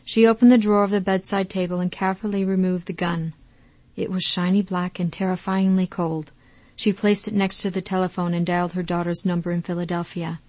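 A woman narrating an audiobook in a measured, calm way. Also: fairly low pitch, dry recording. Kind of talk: scripted narration.

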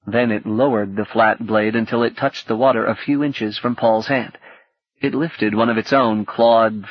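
A man narrating an audiobook in a calm, steady reading manner. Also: mid-range voice, no echo. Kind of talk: scripted narration. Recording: dull, dry cassette audiobook.

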